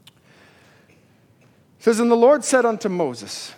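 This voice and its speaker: High-voiced man preaching in a reverberant hall. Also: slow. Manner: animated preaching, voices biblical figures in asides. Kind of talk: sermon. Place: church sanctuary.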